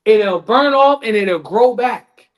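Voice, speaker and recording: A man's voice: high-pitched, animated, takes it slowly. A man giving a sermon at a community event, in casual street talk, dramatic and acting out voices. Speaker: lecturer.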